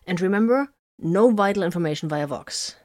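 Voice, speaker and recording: A woman reading the part of a worried male officer who talks in a hurried, fretful way. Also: lowish voice, animated, darkish tone, dry recording, studio quality, close to an everyday voice.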